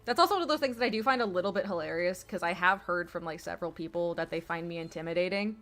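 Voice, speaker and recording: A woman's voice: lowish voice, fast talker, fairly bright tone. A young woman streaming a video game from home, rambling in casual, self-deprecating commentary full of swearing and laughter. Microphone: streaming mic with webcam.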